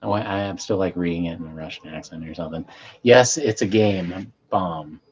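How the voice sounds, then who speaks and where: Man, low voice, stoned, meandering livestream chat, swears a lot, dull lo-fi audio. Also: brisk, a little mellow, breathy edge. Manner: loose, meandering, self-interrupting, stoned and swearing. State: high. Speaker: livestream host. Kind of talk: rambling casual livestream chat, reading chat aloud.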